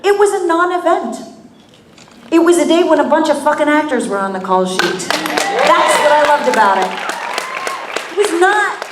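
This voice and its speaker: High, animated woman in an echoey hall. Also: normal speed, pauses often, far from the mic, some chatter behind, a little hiss or hum. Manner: animated, joking, swears casually. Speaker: actor on a convention panel. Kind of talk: convention panel Q&A. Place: convention hall.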